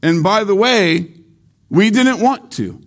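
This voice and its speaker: A man preaching a sermon slowly and deliberately, repeating key phrases for emphasis. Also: high voice, animated. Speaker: pastor.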